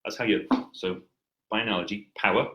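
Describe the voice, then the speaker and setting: A man with a fairly low voice, talking over a headset on a video call. He coaches with calm explanations and slips in dry, wry jokes. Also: fairly quick, low-quality recording. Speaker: presentation coach. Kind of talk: coaching feedback chat.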